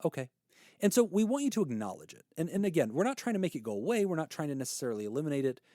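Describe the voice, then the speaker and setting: A man co-hosting a therapy podcast, explaining ideas in an animated, casual way and laughing easily. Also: fairly high pitch, very fast, dry recording, clean studio sound.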